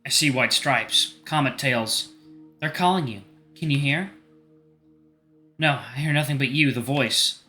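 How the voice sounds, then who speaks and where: A man reads as an anxious teenage boy narrating his own story from a visual novel, earnest and a little halting. The voice is bright and forward, and faint music plays underneath. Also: medium pitch. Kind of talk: reading a visual novel aloud.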